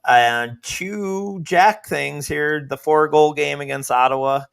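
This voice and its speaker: A man hosting a casual podcast, talking in a relaxed, rambling way with lots of fillers. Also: fairly high pitch, slow, creaky, clear, resonant tone. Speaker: podcast host. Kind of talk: casual chat. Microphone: remote podcast mic.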